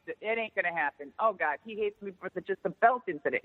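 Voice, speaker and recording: Brief: middle-aged woman guest, lively swings in pitch, salty and animated, tinny phone audio. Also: fast, hardly any pauses. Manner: profane, animated, acts out others' lines. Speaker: interview guest, former wrestler. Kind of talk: casual storytelling interview. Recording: tinny phone-line audio with long reverb.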